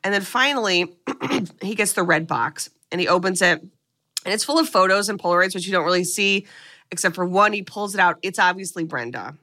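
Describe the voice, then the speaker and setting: A woman's voice: lowish voice, fairly quick, pushed and bright. A woman co-hosting a podcast, recapping a movie in casual chat and swearing freely as she tells the story.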